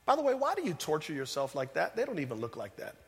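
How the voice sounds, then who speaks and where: Passionate preacher in a reverberant hall. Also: male voice, fairly high pitch, huge pitch swings, fast. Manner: emphatic preaching, swinging from loud to hushed; addresses the congregation directly. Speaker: pastor. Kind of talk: sermon.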